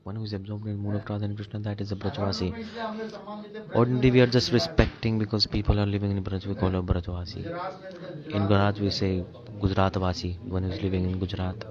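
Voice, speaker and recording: Indian-accented man interpreting a sermon, low even voice, repeats and questions the room; muffled, crowd audible. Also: quick pace. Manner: rephrases himself and asks the listeners rhetorical questions. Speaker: translator of a spiritual lecture. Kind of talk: translated sermon. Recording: dull lo-fi recording with crowd behind.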